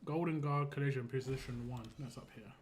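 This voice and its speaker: A man's voice: medium pitch, fairly even intonation, brisk, darkish tone, a little hiss or hum. A young man chatting casually and rambling while he streams a mobile game, laughing easily as he talks. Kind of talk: casual live-stream chat.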